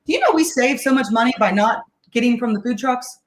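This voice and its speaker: In a home kitchen, a middle-aged guest cook walks viewers through a meal on a casual live-stream, chatty, cheerful and quick to laugh. Her slightly high voice moves fast, with slight background noise.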